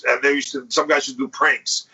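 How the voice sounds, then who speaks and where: A man on a podcast, telling a crude story in a casual and animated way, swearing and acting out what people said. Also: mid-range voice, brisk, husky. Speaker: podcast host. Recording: dull lo-fi podcast audio.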